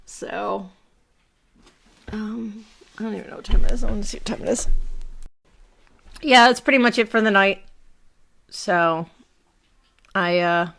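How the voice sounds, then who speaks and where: A Brooklyn woman in her thirties rambles on a home live stream, laughing a lot and swearing casually. Her mid-range voice is a bit bright, with vocal fry, an unhurried pace and frequent pauses.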